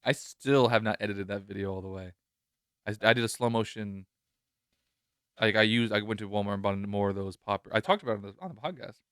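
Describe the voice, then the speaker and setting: A man's voice: fairly low pitch, a bit bright, smooth, no room sound, clean studio sound. A man hosting a podcast who chats casually, rambling and joking. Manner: rambling, jokey, quick to laugh. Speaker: podcast host.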